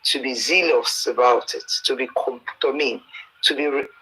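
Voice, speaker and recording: Earnest Nigerian male preacher, bright and pleading, recorded as a dull lo-fi voice note. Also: mid-range voice, moderate pace, slight background noise. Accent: Nigerian, Yoruba-speaking. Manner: earnest, pleading, preachy, with Bible quotes and stories. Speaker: preacher addressing a campaigner. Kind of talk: exhortation mixing English and Yoruba.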